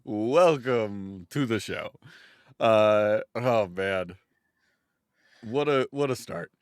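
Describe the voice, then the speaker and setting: A relaxed male host chatting on a live stream. He talks slowly in a lowish voice that swings up and down, and he laughs often. The sound is close and dry. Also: clear, resonant tone, no echo. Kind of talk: casual chat on a live stream show.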